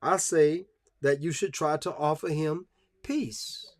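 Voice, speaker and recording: A man's voice: on the high side, takes it slowly. A man giving a live-streamed religious talk, preachy and emphatic, with many fillers and restarts.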